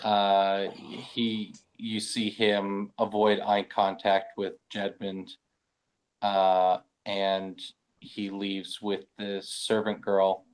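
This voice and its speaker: A man's voice: fairly low pitch, monotone, drawn-out words. A man playing in a tabletop game, describing his character's ending hesitantly, with many fillers. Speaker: player.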